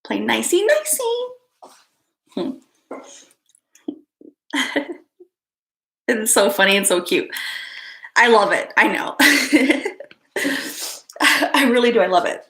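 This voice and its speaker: During a casual live stream, a woman reads viewer comments and talks with her audience, frequently giggling and wandering into soft asides. She speaks slowly in a mid-range voice with long pauses.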